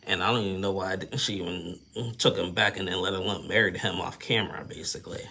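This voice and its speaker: A man's voice: low-pitched, steady tone, fast, gravelly, bright, forceful tone. A man giving a casual, rambling, opinionated recap of a reality TV episode, full of fillers and little chuckles.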